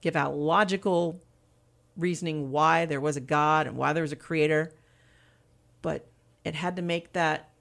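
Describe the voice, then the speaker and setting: A woman's voice: low-pitched, fairly even intonation, measured pace, gravelly, a bit bright. A woman telling her personal faith testimony as an interview guest, earnest and candid.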